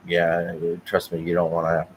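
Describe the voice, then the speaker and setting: A man from Oklahoma co-hosting a casual live podcast, joking in a dry, deadpan way. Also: deep voice, moderate pace, slight background noise, poor audio. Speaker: podcast co-host.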